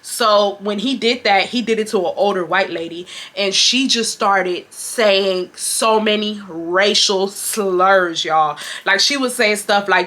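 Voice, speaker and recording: A woman's voice: medium pitch, unhurried, hardly any pauses, pushed and bright. A young woman from Houston, telling a story to her viewers in blunt, casual chat. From Houston, Texas. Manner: chatty, blunt, addresses viewers as y'all. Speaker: beauty vlogger telling a work story.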